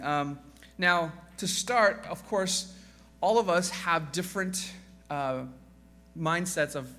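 A man in his thirties, a guest pastor, preaching a casual sermon full of jokes, fillers and restarts, quieter in prayer. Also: fairly high pitch.

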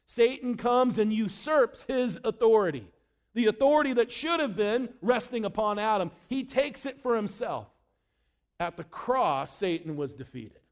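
A man preaching a sermon in a high voice. He drops low and quiet for quoted scripture, then pushes up louder and faster for emphasis. It comes across as dramatic preaching.

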